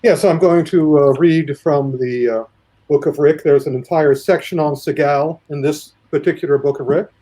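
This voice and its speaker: A man on a podcast reading aloud from his notes, with a measured, storytelling delivery. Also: on the high side, fairly even intonation, dark tone.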